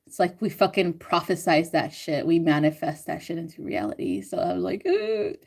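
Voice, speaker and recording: A young woman reading out live chat comments on a stream, chatting casually with frequent swearing, laughter and animated self-quotes. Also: deep voice, moderate pace, vocal fry, breathy edge. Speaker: astrology and tarot reader reading live chat.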